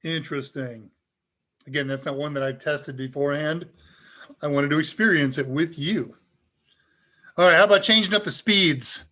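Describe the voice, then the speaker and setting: A man hosting a live tech Q&A, talking casually and chuckling as he demonstrates software. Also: a little high, normal speed, pauses often. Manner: casual and upbeat, chuckles often. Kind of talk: live demo talk.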